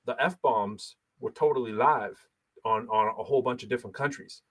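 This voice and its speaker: A man in his thirties hosting a casual talk show, animated, laughing often and talking with many fillers. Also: mid-range voice, moderate pace. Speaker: podcast host and battle rapper. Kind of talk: casual chat.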